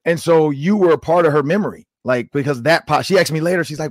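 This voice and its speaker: A man in his forties hosting a sports podcast, telling stories in a casual, animated way and acting out quotes with lots of "like.". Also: fairly high pitch, fast, no room sound, clean studio sound. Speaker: podcast host.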